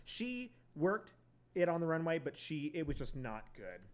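A man co-hosting a casual podcast, chatting in an animated, gossipy way with lots of filler words. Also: on the high side, moderate pace. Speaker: co-host.

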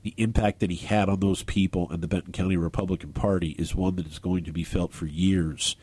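Earnest husky talk radio host. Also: male voice, deep voice, fairly even intonation, mellow, no room sound. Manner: earnest, halting with restarts. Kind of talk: talk radio, on-air remarks. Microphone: studio microphone.

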